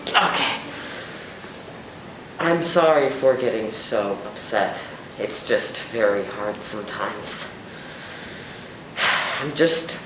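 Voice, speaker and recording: A student actor playing James, an emotional young man in a support group, swinging between outbursts and hushed self-calming, in a student sketch comedy. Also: medium pitch. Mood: subdued. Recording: noisy echoey room.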